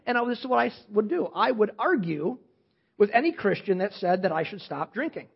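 Husky preacher guy in his 50s, goes loud then quiet, kinda muffled lo-fi recording. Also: sits high, fairly quick. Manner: animated preaching, swings from loud emphasis to quiet asides. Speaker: pastor. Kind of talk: sermon.

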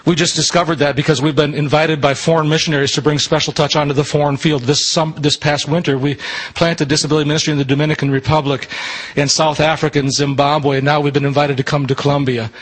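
A man leading a disability ministry, giving an earnest church talk, slowing down to stress his points. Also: on the high side, little pitch movement, breathy edge, low-quality recording.

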